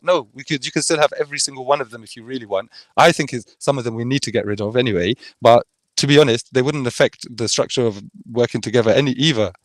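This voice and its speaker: An insistent man argues in a casual debate, keeping up a steady middle-pitched voice. He keeps tagging his points with a questioning "yeah?". The sound is dry, with no echo at all. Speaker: debater on a podcast.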